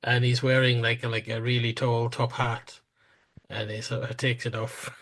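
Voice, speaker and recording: Husky-voiced man in casual chat. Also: medium pitch, level tone, normal speed, fairly bright tone, no echo. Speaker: podcast co-host.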